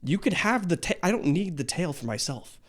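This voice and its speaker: Talking a little fast, this reaction-video host is casual and animated, cursing freely and stumbling into restarts. Whenever something surprises him, his voice leaps into a high, excited pitch.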